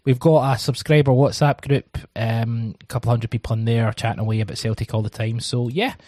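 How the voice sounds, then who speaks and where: A man's voice: mid-range voice, little pitch movement, brisk, a little mellow. A man hosting a casual podcast, chatty and rambling with lots of ums and uhs. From Scotland. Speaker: podcast host.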